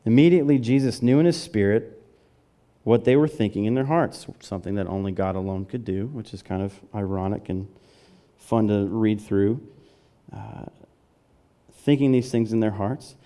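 A man from the American South preaching a conversational sermon, building to excited emphasis. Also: on the low side, normal speed.

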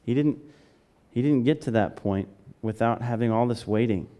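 A man preaching in a relaxed, conversational way, his mellow, warm tone rising into eager emphasis. He speaks at a middling pitch and walks his listeners through a story from the pulpit. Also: moderate pace. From American South. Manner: conversational, builds to excited emphasis. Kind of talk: sermon.

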